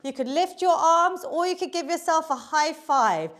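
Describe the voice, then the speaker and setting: A woman's voice: extremely high pitch, expressive, normal speed, fairly bright tone. A British woman leading a live online exercise class, upbeat and encouraging, counting down reps and a little out of breath. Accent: British English. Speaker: fitness instructor. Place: home workout room.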